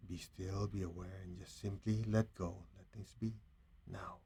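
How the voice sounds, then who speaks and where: A man with a Chinese accent guiding a meditation in a hushed, slow, calm voice with long pauses. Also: deep voice, slight background noise. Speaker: meditation teacher. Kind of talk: guided meditation.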